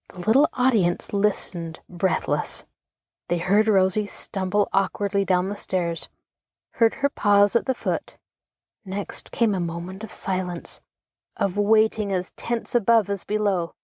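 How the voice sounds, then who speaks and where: A woman hosting and narrating a children's storybook audiobook in an expressive storytelling way. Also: mid-range voice, dry recording, studio quality. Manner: expressive, even storytelling pace.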